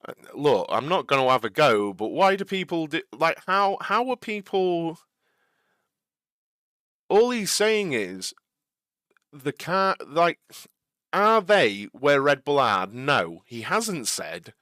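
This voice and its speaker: A young man hosting a casual live stream, his fairly high, bright voice swinging up and down a lot as he talks. He answers viewers' chat messages earnestly, gets a little exasperated, and keeps tripping over and restarting his sentences. The sound is dry and close. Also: sing-song, no room sound. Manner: halting, many restarts and repeated words.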